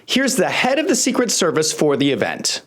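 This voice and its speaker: Host for scripted commentary: indignant, sarcastic, big pitch swings. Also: wildly swooping pitch, normal speed, noisy background.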